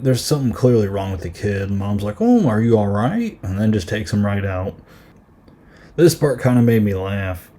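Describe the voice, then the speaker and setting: A man hosting a podcast, casually recapping a horror film with lots of fillers and quick acted-out quotes. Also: on the low side, warm tone. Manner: chatty, many fillers, acts out quoted lines in quick voices. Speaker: podcast host.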